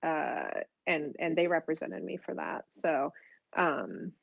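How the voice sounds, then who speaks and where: A middle-aged woman guest telling her story in an animated, rambling way, full of fillers and restarts. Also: low voice, slow pace, gravelly, no room sound. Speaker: guest author. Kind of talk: casual storytelling interview. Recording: dull, dry remote audio.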